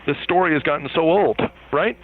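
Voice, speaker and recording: A man's voice: fairly high pitch, fairly quick, a little hiss or hum. Rambling man on a tinny phone line. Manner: animated, rambling, laughs easily. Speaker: guest. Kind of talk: interview over the phone.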